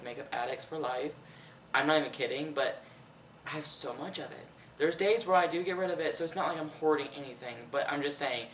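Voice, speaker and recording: A man's voice: medium pitch, fairly bright tone, a little hiss or hum. A young man vlogging in a casual, chatty way, full of "like" and swearing freely. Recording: roomy echo, heard from a distance.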